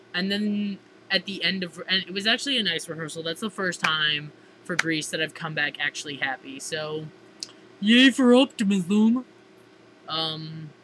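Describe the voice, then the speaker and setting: A woman's voice: low-pitched, fairly bright tone, slight background noise, poor audio. A teenage girl chatting casually in a diary-style vlog, gushing and theatrical, filling her talk with "like". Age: teens. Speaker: vlogger.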